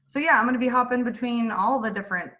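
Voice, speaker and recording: A woman podcast guest who talks in a relaxed, easygoing way. Her voice is bright and forceful and sits a little high. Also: quick pace. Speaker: guest, event MC. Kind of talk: casual interview chat.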